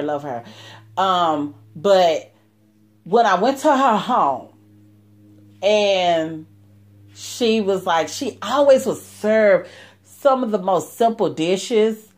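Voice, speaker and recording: Chatty woman with a lively pitch. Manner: chatty, animated, many fillers and asides. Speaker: vlogger telling a personal story. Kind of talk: casual storytelling to viewers.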